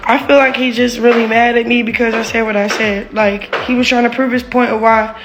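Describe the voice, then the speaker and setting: A woman's voice: fairly high pitch, flat delivery, a little fast, over music. A woman venting about her relationship in a candid, rambling monologue, heated and full of swearing and "like". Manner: rambling, heated, profane, heavy use of "like".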